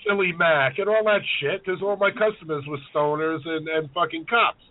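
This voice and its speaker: A man's voice: fairly high pitch, normal speed. A man chatting casually on a podcast, ranting bluntly and swearing freely about food customers. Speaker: chef and podcast host. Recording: narrowband phone-like sound.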